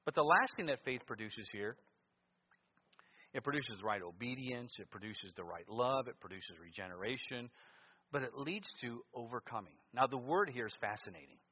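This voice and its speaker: A man preaching a sermon in a church, moving between loud emphatic lines and quiet asides. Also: mid-range voice, lively intonation, normal speed, husky. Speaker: pastor. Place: church sanctuary. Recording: muffled sound with long church reverb.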